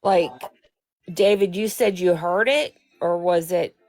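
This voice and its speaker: A woman's voice: on the low side, slow, a little mellow, soft background music. A woman on a live stream asking careful, polite questions.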